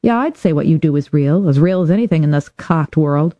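A woman voicing a brisk, wisecracking female police detective friend, in a dull, dry lo-fi audiobook recording. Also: deep voice, animated, dark tone, no room sound. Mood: teasing. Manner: wisecracking, quick.

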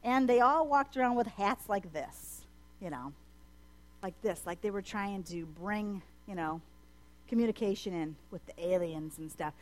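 A woman talking casually to a group at a middle pitch. She rambles along with many fillers and asides. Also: unhurried. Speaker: presenter to a group. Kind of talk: casual chat to an audience.

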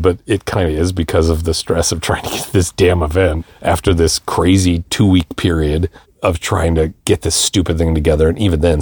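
A man's voice: sits low, no echo, studio quality. A middle-aged man hosting a podcast, telling a story casually and acting out the quoted lines with a raised voice. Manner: animated, acts out quoted dialogue in a raised voice. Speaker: podcast host.

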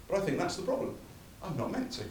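Animated preacher in an echoey hall. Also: male voice, high-pitched, quick pace, far from the mic, a little hiss or hum. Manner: emphatic, builds through repeated phrases. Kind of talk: sermon.

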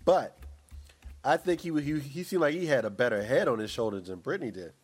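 A man's voice: medium pitch, expressive, a little fast, breathy edge. A man in casual chat, talking in a rambling, opinionated way with many restarts.

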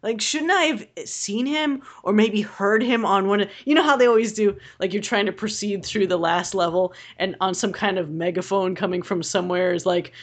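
A young woman chatting casually as a podcast co-host, rambling and animated and swearing freely. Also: mid-range voice, normal speed, few pauses. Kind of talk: casual chat.

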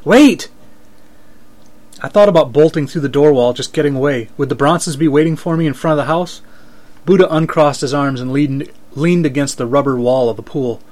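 A man narrating a story aloud in an even, dry way. His voice sits slightly higher than most men's, and he keeps a steady reading rhythm. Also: brisk. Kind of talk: reading first-person fiction aloud.

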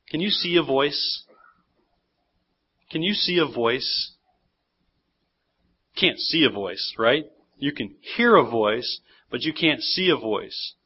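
A man pastor preaching a sermon in a church, animated and acting out the voices he quotes. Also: a little high, unhurried, pauses often, slightly rough. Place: church sanctuary. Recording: dull lo-fi sermon recording.

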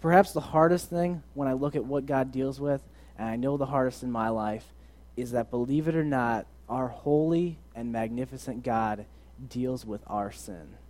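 Young male preacher, conversational and earnest, warm dark tone, mid pitch. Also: moderate pace, hardly any pauses. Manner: earnest, conversational, swings from loud to soft. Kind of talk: casual sermon.

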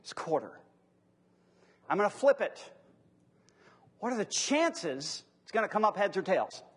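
A man teaching to a live audience in a conversational lecture, repeating key phrases and drawing them out slowly. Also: sits high, very animated, breathy edge. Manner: conversational, emphatic repetition, drawn-out key phrases. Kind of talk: classroom lecture on apologetics.

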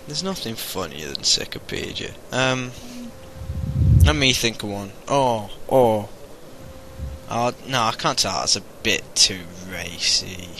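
Bright-voiced man, cheeky joke-teller. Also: fairly low pitch, animated, slow pace, slight background noise, low-quality recording. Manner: cheeky, laughs often, acts out jokes in voices. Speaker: podcast host. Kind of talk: casual chat telling jokes.

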